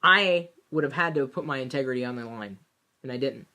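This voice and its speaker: Bright, chatty woman telling a story. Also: extremely low pitch, fairly quick. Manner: animated, chatty, many fillers and restarts. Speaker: vlogger. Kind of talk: casual personal storytelling.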